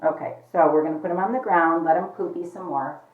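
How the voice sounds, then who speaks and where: Low-voiced woman chatting in an echoey room. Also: fast talker. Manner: chatty and rambling, often says "you guys". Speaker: pet vlogger. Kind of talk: casual chat to camera. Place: at home. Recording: echoey, slightly dull home recording.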